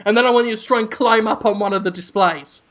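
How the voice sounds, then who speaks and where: Male co-host, high-pitched, animated comic storyteller who breaks into shouts. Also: quick pace. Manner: animated, sweary, bursts into shouted mock proclamations. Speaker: podcast co-host. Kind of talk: casual comedic storytelling.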